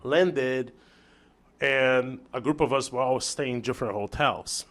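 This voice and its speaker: A man from Brazil, a chef guest on an interview show, telling a story in casual chat with lively restarts and acted-out dialogue. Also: mid-range voice, measured pace. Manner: animated storyteller, acts out quoted dialogue, many restarts.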